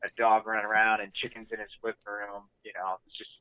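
A man's voice: fairly low pitch, flat delivery, quick pace, clear, resonant tone, no echo, narrow, tinny audio. Wry storytelling man, dry sound. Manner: wry storyteller, acts out quotes. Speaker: podcast co-host. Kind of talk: casual chat.

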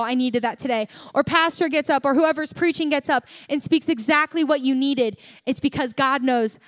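A young woman delivers a church message in a high, bright voice, mixing preaching with a chatty personal story full of filler words. The sound is close and dry, with no room echo. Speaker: church speaker. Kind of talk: sermon.

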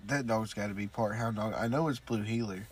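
A man's voice: on the low side, fairly quick, a little hiss or hum. A man co-hosting a podcast, chatting in a laid-back, teasing way. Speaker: podcast co-host. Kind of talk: casual chat.

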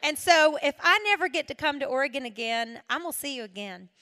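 A woman from South Carolina with a Southern accent, giving an animated testimony talk to a live audience, laughing often and dropping from loud to hushed. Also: high voice, fast talker. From South Carolina, USA. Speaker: singer and speaker at a women's event.

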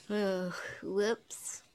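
A woman in her thirties co-hosting a podcast in casual, giggly chat, telling stories with lots of laughter over a remote call. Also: mid-range voice. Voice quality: giggly, lively storyteller. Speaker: podcast co-host.

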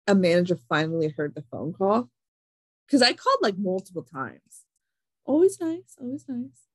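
A young woman telling an animated story in casual chat, filling her talk with "like". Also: mid-range voice, no echo, low-quality recording.

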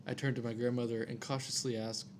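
A man's voice: medium pitch, level tone, fast talker, a little hiss or hum. Casual man reading a scary story. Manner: reads aloud with jokey asides and stumbles over names.

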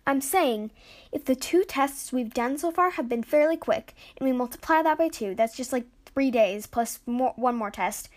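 A woman's voice: high voice, lively intonation, moderate pace. A woman reading the lines of a young girl adventurer who is easily flustered, exclaiming and exasperated, in a storybook.

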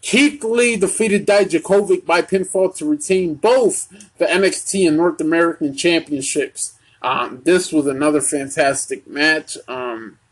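Young male podcast host, unhurried and hesitant, fairly high husky voice. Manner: slow, halting, many ums and restarts. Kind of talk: casual wrestling recap.

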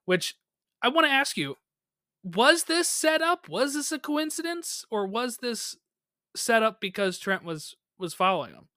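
A podcast co-host in a casual recap chat, talking in animated quick bursts and laughing often. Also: mid-range voice, dry recording, studio quality.

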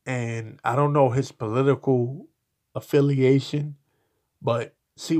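A man giving blunt, profane solo commentary, slow and halting, with frequent restarts. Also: mid-range voice, creaky, darkish tone. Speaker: podcast commentator.

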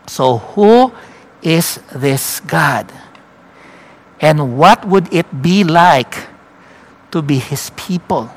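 A man preaching through a scripture passage, his voice sitting a little higher than most men's. He slows down to stress the key moments and keeps asking his listeners short questions to check they follow. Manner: storytelling, slows down for emphasis. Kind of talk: Bible teaching sermon.

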